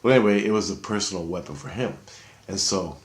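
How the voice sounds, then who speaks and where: A man with a low, deep voice spins a rambling first-person story, swearing freely and tripping over his own restarts. His talk is excitable and loose, and the sound bounces around a reverberant room. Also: fast talker. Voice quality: profane, excitable, talks in restarts. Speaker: vlogger.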